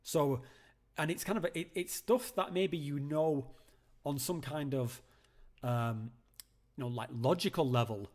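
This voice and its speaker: A man's voice: on the high side, a little slow, pauses often. A man hosting a live call-in stream from home, chatting casually and rambling with lots of fillers and restarts. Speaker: host of a live call-in show.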